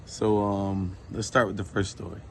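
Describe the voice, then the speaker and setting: A man casually telling true faith stories, informal and lively when he retells what people said. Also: lowish voice, moderate pace, slight background noise. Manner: informal, animated when retelling dialogue, many fillers. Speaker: Christian storyteller. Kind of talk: casual testimony to a phone camera.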